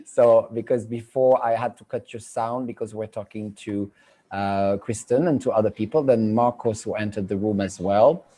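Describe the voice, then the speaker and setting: A middle-aged man with a French accent hosts a live video-call show as a medium, his voice warm and on the low side at a moderate pace. He chats and rambles, repeating himself, picked up by a computer mic on the call.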